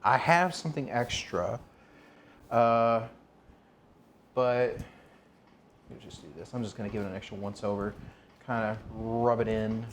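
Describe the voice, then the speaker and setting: A man's voice: on the low side, a little slow, long pauses, slight background noise. A man streaming live from his kitchen, chatting with viewers and rambling as he cooks. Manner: chatty, asks viewers questions, rambles while working. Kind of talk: casual live-stream chat.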